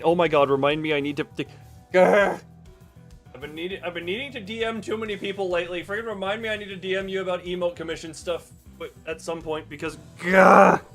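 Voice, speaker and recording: Male game streamer, rapid rambling chatter, light music bed. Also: a little high. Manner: rambling, excitable, reads game text aloud. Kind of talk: casual game stream commentary with chat dice rolls.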